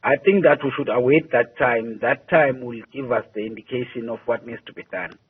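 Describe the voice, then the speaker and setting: A man, a party spokesperson answering a news interview by phone, measured and halting, with many hesitations and repeated words. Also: mid-range voice, husky. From South Africa. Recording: tinny phone line.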